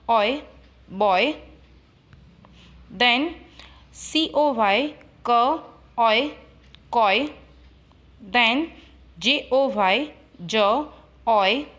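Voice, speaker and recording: Woman, Gujarati English accent, phonics teacher, very slow, spells then sounds out each word, slightly high voice. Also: a bit bright. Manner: spells words letter by letter, then sounds them out. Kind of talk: slow phonics lesson for young children.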